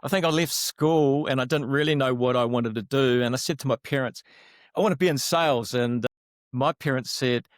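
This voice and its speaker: Middle-aged New Zealand man, easygoing guest talk, average pitch, close dry mic. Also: a little fast, dry recording. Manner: relaxed and self-deprecating, laughs easily. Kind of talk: casual interview talk.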